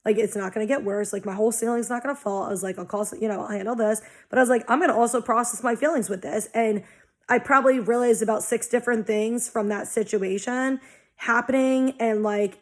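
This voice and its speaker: A woman's voice: a little high, steady tone, fairly quick. A young adult woman talking casually about spiritual growth in a blunt, heavily profane way, acting out her own past reactions. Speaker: spiritual vlogger. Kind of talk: casual monologue.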